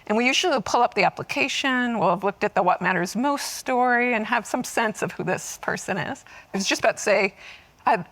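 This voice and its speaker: A woman who led admissions, telling an animated, laughing story on an auditorium panel. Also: on the high side, brisk, few pauses, rough recording. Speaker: lecturer and former admissions head. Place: auditorium stage.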